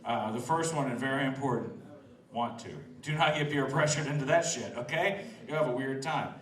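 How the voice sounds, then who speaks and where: A man's voice: medium pitch, moderate pace, fairly bright tone, roomy sound, recorded from a distance. A man doing a loose, laughing stand-up set outdoors, teasing the crowd. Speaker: stand-up comedian. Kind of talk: open-mic stand-up set. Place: outdoors in front of a restaurant.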